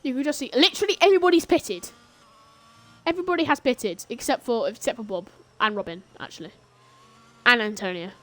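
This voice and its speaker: A young woman commentating a live sim race on stream, grumbling between calls and bursting into excited shouts during battles. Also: a little high, fairly quick.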